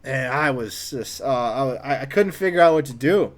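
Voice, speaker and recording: A man telling a comedic personal story, animated, acting out other people's lines in a raised voice. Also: mid-range voice, moderate pace. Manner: animated, acts out quotes in a raised voice.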